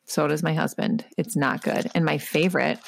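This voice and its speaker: A woman's voice: sits low, fairly even intonation, gravelly, a little hiss or hum. A woman who is a mother, co-hosting a podcast and telling stories in a teasing, laughing way. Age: adult, a mother. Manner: storytelling, teasing, quick to laugh. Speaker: podcast co-host. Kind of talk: casual chat.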